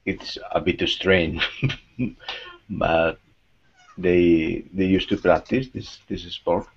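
Deep-voiced man speaking halting learner English. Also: steady tone, gravelly, slightly rough. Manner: halting, non-native English with pauses. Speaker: language student. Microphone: video call. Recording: dull lo-fi video call audio.

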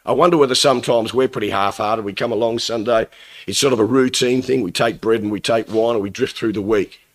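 A middle-aged man preaching in a plain conversational way, earnest about his point and stopping often to quote verses from different translations. His voice sits at an ordinary, mid-range pitch for a man. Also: fairly quick. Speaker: lay preacher. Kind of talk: Bible talk, thought for the day.

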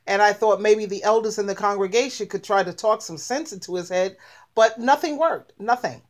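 A woman hosting a casual online chat, telling stories in an animated way and speaking straight to her viewers. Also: medium pitch, moderate pace. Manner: animated storytelling, addressing viewers directly. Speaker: host.

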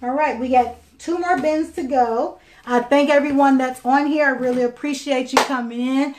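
A woman's voice: high-pitched, steady tone, moderate pace, a little mellow. A woman from Chicago selling jewelry on a live video, chatting casually with many fillers and restarts. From Chicago, Illinois. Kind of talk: live sales stream.

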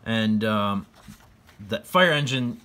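A man with a low voice retells a picture book in his own words, casual and loose. He rambles with fillers and restarts and chuckles often as he goes. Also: expressive, takes it slowly, pushed and bright, a little hiss or hum. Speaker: book reader.

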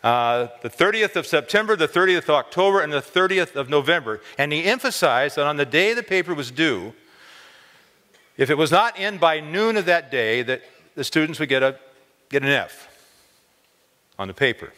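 A man preaching a storytelling sermon in a college chapel, voice lifting on key words. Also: moderate pace. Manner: expressive, lifts pitch on key words. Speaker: chapel speaker. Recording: long hall reverb.

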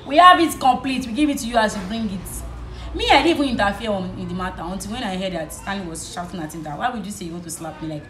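A young Nigerian woman with a Nigerian accent, vlogging in a casual chat while she does her makeup, telling a story in an animated way. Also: mid-range voice, echoey room, poor audio. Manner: animated storytelling, switching between English and Yoruba.

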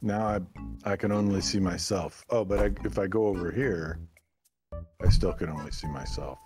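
A middle-aged man playing a game for fun, speaking in a dry, bemused, unhurried way. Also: low-pitched, music in the background. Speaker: guest player. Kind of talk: casual gaming chat.

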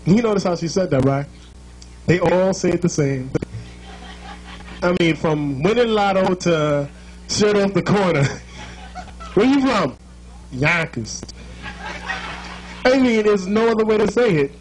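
A man's voice: high-pitched, expressive, unhurried, long pauses, a little hiss or hum, low-quality recording. A man with a Jamaican accent hosting a live show, joking and teasing his crowd in a playful, chatty way.

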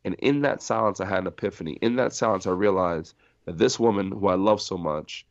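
A middle-aged man from New Jersey, a podcast guest telling stories in a lively way, acting out the people he quotes. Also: low voice, brisk, no room sound. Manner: animated storyteller acting out quoted voices, laughing often. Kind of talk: storytelling in a podcast interview. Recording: dry muffled sound.

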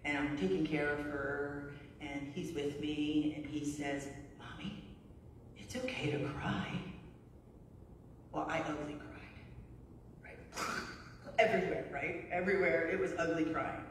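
A woman's voice: deep voice, little pitch movement, a little slow, slight background noise. Middle-aged woman pastor, conversational storytelling sermon, heard from a distance in a reverberant church. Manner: conversational, storytelling, frequent "right?". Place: church sanctuary. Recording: echoey hall from far off.

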